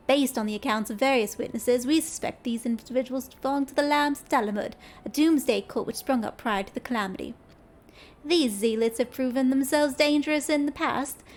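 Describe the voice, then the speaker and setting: A woman's voice: fairly high pitch, close to an everyday voice. A woman reading aloud as a grave, formal male military commander in a game.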